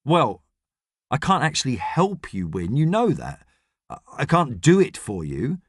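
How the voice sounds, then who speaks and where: A man playing a gruff astronaut. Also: mid-range voice, wildly swooping pitch, a little slow, dry recording, clean studio sound, exaggerated voice. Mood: stern. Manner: stern, exasperated, lecturing. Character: gruff grumpy middle-aged male astronaut. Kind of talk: audiobook character reading.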